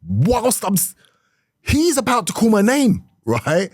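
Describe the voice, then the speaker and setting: A middle-aged man, a comedian telling an animated story in conversation, swinging from hushed to loud and laughing often. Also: high voice, slow pace, dry recording, clean studio sound. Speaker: comedian guest.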